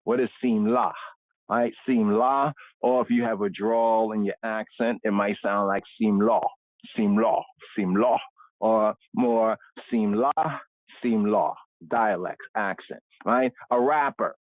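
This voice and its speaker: A man's voice: lowish voice, steady tone, measured pace, dry recording. A man leading an unscripted scripture word study who tags nearly every phrase with "right?" and repeats words over and over. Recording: tinny phone-line sound, dry.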